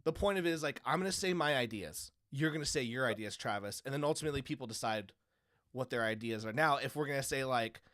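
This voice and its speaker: A man's voice: medium pitch, quick pace, a bit bright, no room sound. Dry-voiced man chatting loosely. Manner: rambling, laughs often, acts out quotes. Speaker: podcast host. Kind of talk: casual chat.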